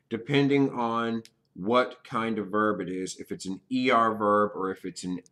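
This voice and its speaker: On a beginner's video lesson, a Spanish teacher explains things step by step, often checking in with "okay?" and repeating key points. His voice is fairly low in pitch with a fairly bright tone.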